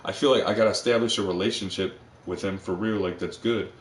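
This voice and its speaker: A man's voice: on the low side, steady tone, fast. A man streaming live, rambling on in a casual, profane monologue full of fillers. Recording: echoey room, far from the mic.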